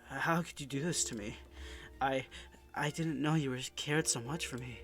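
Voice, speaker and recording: A man's voice: mid-range voice, lightly acted. A man reading as a sad, self-loathing teenage girl. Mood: sad, hesitant. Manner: soft, hesitant, halting. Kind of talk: game dialogue read aloud. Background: background music.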